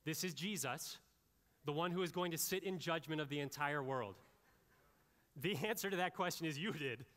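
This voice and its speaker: A male pastor preaching a sermon, with animated, conversational delivery and frequent asides to the congregation. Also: a little high, normal speed, long reverb tail.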